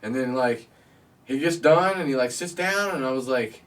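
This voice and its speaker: A man's voice: mid-range voice, expressive, normal speed, recorded from a distance. Profane laughing man telling a story. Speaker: podcast host. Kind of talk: casual storytelling chat.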